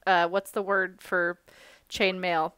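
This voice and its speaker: A woman playing a tabletop game, chatting casually with fillers and quick asides. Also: lowish voice, little pitch movement, a bit bright, clean tone, no echo. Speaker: player.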